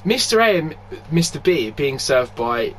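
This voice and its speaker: A man telling a story in casual chat, animated, swearing freely and laughing often. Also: a little high, normal speed, slight background noise.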